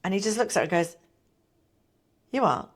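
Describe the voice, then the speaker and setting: A middle-aged woman and pantomime performer chatting in an interview, telling lively stories and acting out what people said. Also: mid-range voice, very fast. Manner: chatty, animated storyteller who acts out quotes. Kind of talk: casual interview chat.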